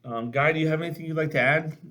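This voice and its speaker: A man hosting a podcast in casual chat, relaxed and halting. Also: fairly high pitch. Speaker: podcast host.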